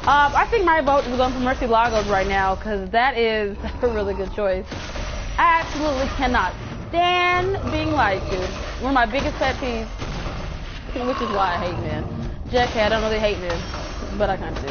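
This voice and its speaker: A woman's voice: fairly high pitch, animated, moderate pace. A young woman streaming a game live, chatting with viewers, swearing and shrieking whenever she is in danger. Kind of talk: live gameplay commentary. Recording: dull lo-fi mic with audible noise.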